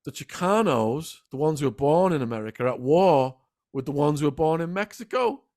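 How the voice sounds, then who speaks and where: A middle-aged man, a podcast guest telling animated stories in a casual interview. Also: on the high side, no room sound, studio quality. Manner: animated, quick anecdotal storytelling. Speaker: podcast guest, former prisoner.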